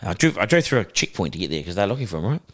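A middle-aged man with a New Zealand accent spins stories in a casual podcast chat. His voice sits low but leaps about with animated energy, and he keeps dropping in "you know" and "bro". The sound is dry and close, with no room echo. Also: rapid-fire. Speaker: podcast guest, broadcaster.

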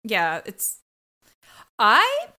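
A woman's voice: fairly high pitch, wildly swooping pitch, extremely slow, sharp tone. A woman co-hosting a podcast, recapping a crime show in casual chat, joking and putting on voices for the characters. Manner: jokey, does voices of characters. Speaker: podcast co-host.

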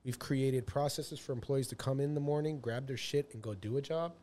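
A business owner talking on a podcast, laying out his ideas in a steady, explanatory way. His voice sits at a middle pitch for a man. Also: a little fast. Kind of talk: casual podcast chat.

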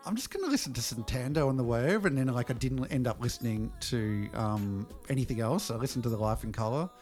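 Aussie guy podcast host, mid-pitched, jokey and chatty, light music behind. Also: lively intonation, fast, darkish tone. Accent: Australian. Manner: upbeat, joking, chatty. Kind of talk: casual podcast chat.

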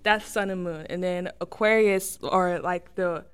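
Casting note: young woman guest, slow unsure delivery, smooth clear voice, trails off. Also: lowish voice. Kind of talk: casual chat.

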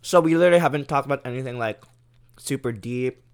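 A man's voice: medium pitch, quick pace, smooth, no room sound. Easygoing teasing young man. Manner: easygoing, teasing, laughs often. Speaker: podcast co-host. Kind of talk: casual chat.

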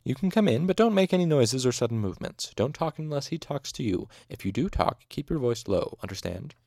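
A man voicing an eccentric male university master who speaks gently to a patient and curtly to a student. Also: medium pitch, sing-song, fairly quick, no echo, studio quality, pitched above the performer's own voice. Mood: quiet instructing. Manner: soft and gentle, then curt and lecturing.

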